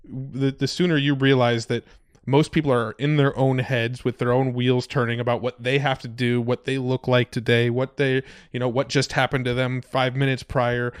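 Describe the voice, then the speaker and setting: A man's voice: mid-range voice, flat delivery, moderate pace, few pauses, clear, resonant tone, dry recording, studio quality. A young man co-hosting a podcast, chatting casually and rambling with fillers and restarts. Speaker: podcast co-host. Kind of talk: casual chat.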